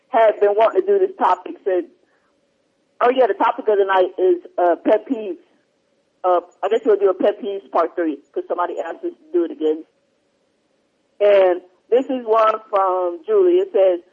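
Man, talk show host, rambling casual chat, husky high voice, dull lo-fi line. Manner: rambling, distracted, loose. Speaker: podcast host. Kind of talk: casual chat, reading listener emails. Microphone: headphones, remote line. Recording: dull lo-fi sound.

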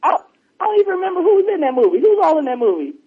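A man's voice: extremely high pitch, sing-song, racing. A man co-hosting a podcast in casual, rambling chat, retelling movie scenes between laughs. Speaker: podcast co-host. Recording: muffled lo-fi recording.

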